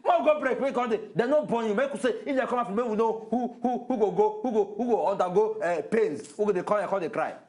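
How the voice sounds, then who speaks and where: A man's voice: high-pitched, fast, hardly any pauses, darkish tone. A man with a Nigerian accent, co-hosting a TV show, playing mock outrage in comic banter and repeating words for effect in a studio. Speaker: TV co-host.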